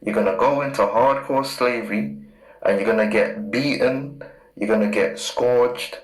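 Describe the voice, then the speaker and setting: A man preaching fiercely from scripture, hammering points with repetition and reading verses slowly. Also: mid-range voice. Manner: emphatic, repeats key words, reads verses slowly. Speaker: street preacher. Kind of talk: fiery scripture teaching. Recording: roomy echo.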